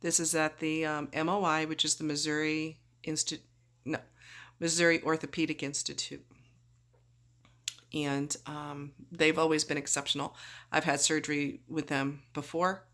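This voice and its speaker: A woman's voice: deep voice, level tone, moderate pace, fairly bright tone. A woman vlogging after surgery, groggy and chatty, rambling through her story and acting out what people said. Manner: chatty, rambling, acts out quoted voices. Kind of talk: casual storytelling.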